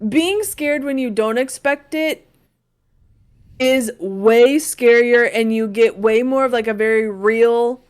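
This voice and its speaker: A woman co-hosting a casual podcast, reading a listener's story aloud. Her voice sits a little high, and she keeps a dry, unbothered tone with quick asides. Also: smooth. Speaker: podcast co-host.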